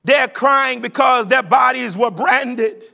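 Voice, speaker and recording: Gravelly high-pitched shouting preacher man. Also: slow. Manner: shouting, sing-song preaching cadence. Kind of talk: whooping sermon.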